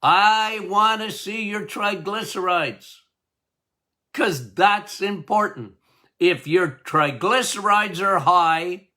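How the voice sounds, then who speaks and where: A man's voice: sits high, sharp tone. A man hosting a health podcast as a doctor, talking emphatically, repeating key words and laughing at his own jokes. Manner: emphatic and repetitive, drumming points home.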